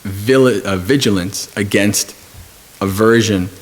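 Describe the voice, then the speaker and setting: A man who is a Buddhist monk giving a dharma talk at a retreat. He talks in a calm, measured way and tells stories with frequent pauses and fillers. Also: on the low side.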